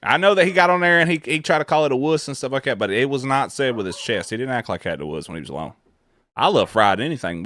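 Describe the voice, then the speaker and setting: A man's voice: mid-range voice, expressive, fast, sharp tone, dry recording. A man with a Southern American accent, riffing profanely and laughing as he reacts to a video for his viewers. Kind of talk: casual reaction commentary.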